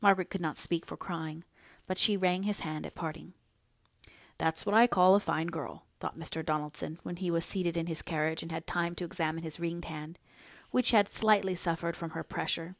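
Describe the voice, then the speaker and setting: A woman's voice: lowish voice, no echo, studio quality. Woman reading a classic novel aloud. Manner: measured, expressive storytelling. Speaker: audiobook narrator.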